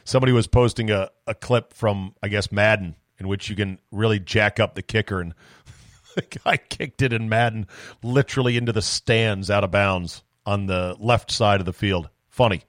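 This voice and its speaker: A man hosting a solo sports podcast, talking in a rambling, animated way with profane, self-mocking asides. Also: on the low side, normal speed, no echo, studio quality. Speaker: sports talk podcast host.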